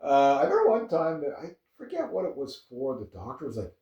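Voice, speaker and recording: A man's voice: a little high, wildly swooping pitch, a little fast, mellow, muffled recording. A Canadian man in his fifties with a laid-back, rambling way of talking, chuckling often as he chats casually to camera. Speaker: vlogger. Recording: echoey room, far from the mic.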